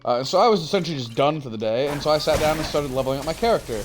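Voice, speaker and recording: A man's voice: a little high, racing, noisy background. A young man streaming a game, chatting casually and telling a rambling, profane story. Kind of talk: casual chat while gaming.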